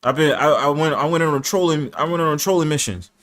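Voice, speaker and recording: A rowdy man, his voice sitting a little high for a man. He leads a casual panel chat, laughing a lot, swearing freely and slipping into the voices of the people he quotes. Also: fast, a bit bright. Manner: boisterous, profane, laughs often, acts out quoted voices. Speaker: host of a live panel stream.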